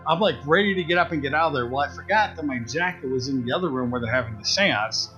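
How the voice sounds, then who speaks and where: A man's voice: a little high, quick pace, dull audio, soft background music. Man telling a story on a podcast. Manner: animated retelling, acts out quoted voices. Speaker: podcast co-host. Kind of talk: casual storytelling.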